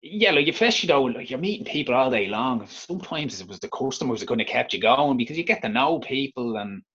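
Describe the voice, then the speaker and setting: A man with a Dublin Irish accent, an interview guest telling his own story frankly, halting and restarting often. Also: mid-range voice, expressive, fairly bright tone, husky, dull audio. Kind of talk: candid personal storytelling.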